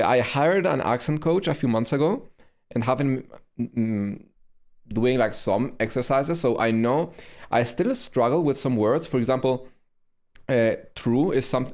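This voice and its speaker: A man's voice: mid-range voice, a little mellow. German-accented man chatting on a stream. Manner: halting, with frequent pauses and restarts. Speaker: streamer reacting to his own video. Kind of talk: casual stream commentary.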